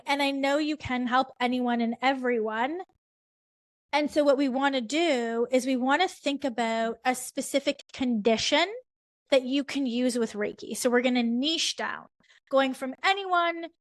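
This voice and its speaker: A woman's voice: high-pitched, unhurried, no echo. A woman leading a live online coaching workshop, emphatic and repeating key phrases as she asks her audience questions.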